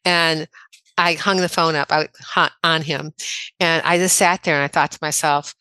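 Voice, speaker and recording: A woman in her sixties from the American Midwest, a chiropractor telling personal stories in a casual interview, chatty and quick to laugh. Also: low-pitched, steady tone, pushed and bright, clean tone, no room sound. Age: 60s. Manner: chatty, anecdotal, laughs often. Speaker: podcast guest, chiropractor.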